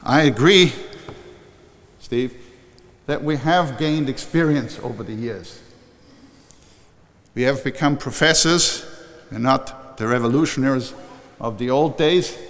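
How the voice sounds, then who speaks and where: A man's voice: medium pitch, slow pace, pauses often. Older man speaking in an echoing hall. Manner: warm, conversational, often restarting and correcting himself. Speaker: honorary doctorate recipient giving an acceptance speech. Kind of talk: formal ceremony speech with anecdotes and a joke. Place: large historic chapel hall. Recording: long reverb from a large hall.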